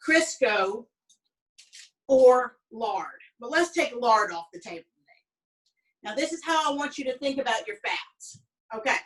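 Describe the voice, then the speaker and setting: Her voice is a little high and a bit bright as this Southern cooking teacher talks folksily, peppering her speech with fillers and family anecdotes. She's recorded slightly off-mic.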